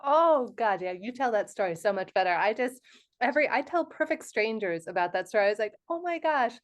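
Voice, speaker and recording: A woman host with a somewhat high voice reacts with effusive, emotional exclamations in casual interview chat. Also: animated, fairly quick.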